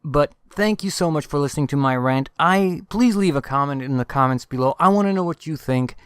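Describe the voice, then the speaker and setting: A furious man rants to his audience, pressing the same calls to action again and again. His voice sits a little high and comes through smooth and clear. The recording is dry and close, with no room sound. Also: fairly quick, no echo. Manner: emphatic, exhorting, repeats calls to action. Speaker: channel host. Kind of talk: angry political rant to camera.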